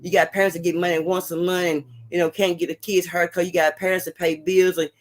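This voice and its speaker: Animated high-voiced man chatting on a livestream. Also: fast talker. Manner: animated, laughing, repeats catchphrases. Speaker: livestream host. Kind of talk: casual livestream chat to viewers.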